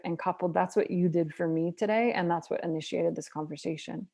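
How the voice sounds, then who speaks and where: Blunt, swearing woman health practitioner, low and flat, for earnest chat. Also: moderate pace, vocal fry. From United States. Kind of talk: casual advice-giving conversation.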